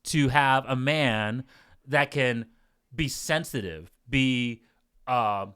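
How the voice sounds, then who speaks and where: A man's voice: medium pitch, takes it slowly, fairly bright tone, smooth. A man co-hosting a podcast with his wife, talking in an emphatic, lecturing way with many fillers and restarts. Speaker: podcast co-host. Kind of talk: casual podcast chat.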